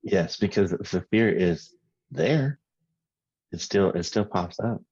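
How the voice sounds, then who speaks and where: A man with a very deep, husky voice talks things through slowly, pausing and filling gaps with "um" as he reflects. His voice comes through dull, dry video-call audio. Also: expressive, a little mellow, dry recording. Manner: slow, halting, with frequent pauses and fillers. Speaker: inquiry session participant. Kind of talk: reflective conversation.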